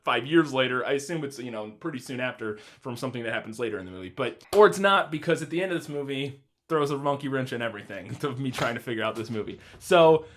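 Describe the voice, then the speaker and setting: A man's voice: medium pitch, lively intonation, fast. A man hosting a casual film podcast, rambling, laughing often and swearing freely. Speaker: podcast host. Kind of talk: casual chat.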